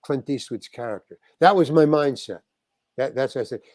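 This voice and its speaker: A man's voice: medium pitch, normal speed, a little mellow, no echo. An older man, a guest actor, telling a rambling anecdote in an interview, stopping and restarting as he acts out the exchanges he quotes.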